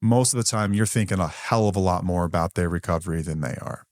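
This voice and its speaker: A man's voice: sits low, fast, darkish tone, dry recording, clean studio sound. A man co-hosting a podcast who talks in a candid, blunt, conversational way with some mild swearing. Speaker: podcast co-host.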